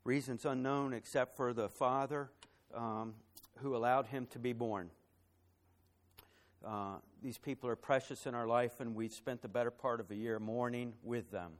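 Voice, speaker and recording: A man preaching a sermon as pastor, building to loud emphatic phrases and dropping soft for a personal story, with some fillers and repeated words. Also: mid-range voice, steady tone, normal speed.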